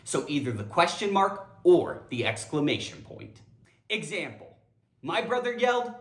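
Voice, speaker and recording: Animated woman teaching grammar, echoey room. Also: on the low side, moderate pace. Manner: animated, theatrical, addresses viewers directly. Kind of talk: playful video lesson.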